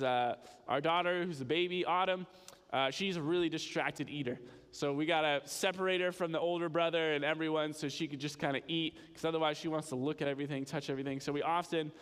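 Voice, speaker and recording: A man's voice: fairly high pitch, fairly bright tone, clean tone, in a large hall. A young adult man giving a sermon in a church, explaining in a conversational, teaching way with small restarts. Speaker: pastor.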